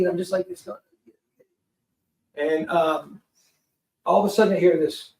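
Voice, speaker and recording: Man, high voice, animated storyteller, acts out quotes, swears freely, distant mic, echoey room. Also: normal speed. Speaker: guest, film producer. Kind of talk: casual storytelling. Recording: roomy sound from a distant mic.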